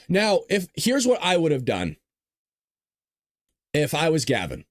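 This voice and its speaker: A man's voice: a little high, wildly swooping pitch, a little slow, dry recording, clean studio sound. A man hosting a podcast, talking casually and emotionally, choked up and rambling. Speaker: podcast host. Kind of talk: casual commentary.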